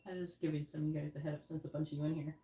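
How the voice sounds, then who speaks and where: Her voice sits low and mellow, with lively intonation and a fast pace. She's a woman from New York running a tarot-reading livestream, rambling through casual chat and often laughing, recorded with a roomy sound far from the mic.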